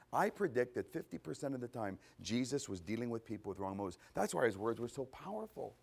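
A man preaching a conversational sermon, animated, asking rhetorical questions and answering them himself. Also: medium pitch, fast, creaky, few pauses, slightly rough. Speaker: pastor.

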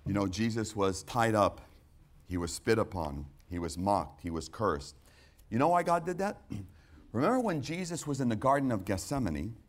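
A male preacher giving a sermon, repeating phrases for emphasis and swinging from quiet to loud, strained outbursts. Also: fairly low pitch, very animated, normal speed. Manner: acts out quoted prayers in a strained, rising voice. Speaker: pastor.

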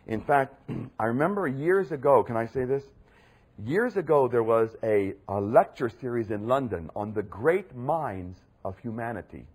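A man preaching a sermon with emphatic delivery, jumping from loud exclamations to low, quiet asides. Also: animated, moderate pace, slightly rough. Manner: emphatic, swinging between loud outbursts and low murmurs.

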